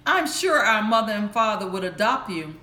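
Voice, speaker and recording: A woman voicing a kind, caring young girl in a read-aloud bedtime story, speaking gently and reassuringly. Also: medium pitch, big pitch swings, moderate pace. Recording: echoey room.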